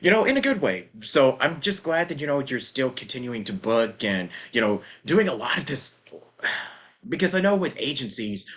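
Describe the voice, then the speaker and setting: Host, male, lively rambling delivery, bright edge to the voice. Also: medium pitch, moderate pace. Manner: rambling, many fillers and restarts, acts out quotes. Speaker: podcast host. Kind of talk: casual interview chat.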